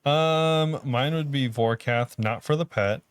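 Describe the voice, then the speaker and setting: A young man from Southern California co-hosts a podcast in a laid-back, joking way, full of slang. His voice is mid-pitched. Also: slow pace, smooth, no room sound. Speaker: podcast co-host. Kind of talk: casual chat.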